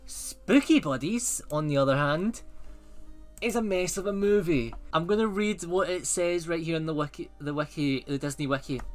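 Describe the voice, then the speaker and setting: A man ranking films in a rambling, excitable and sarcastic casual chat. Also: on the high side.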